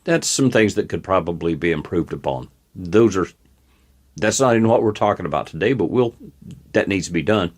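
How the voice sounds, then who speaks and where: Guy hosting his show, lowish voice, folksy and opinionated, talking to his webcam. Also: lively intonation, brisk. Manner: folksy, opinionated, plain-spoken. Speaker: talk show host. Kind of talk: casual political commentary. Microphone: webcam on desk.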